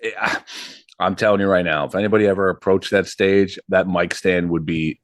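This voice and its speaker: A man in his thirties spins a rambling anecdote, full of fillers and bursts of acted-out quotes. His voice sits very low. It is recorded close and dry, with no room sound. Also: normal speed, no room sound. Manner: animated, acts out quotes, frequent ums and likes. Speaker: podcast host and comedy show MC. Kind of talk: casual storytelling.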